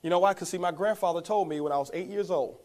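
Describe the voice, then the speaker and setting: A man's voice: high voice, quick pace, darkish tone. A man giving a motivational talk, telling his story to the audience, calling them guys and chuckling as he goes. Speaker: network marketing speaker.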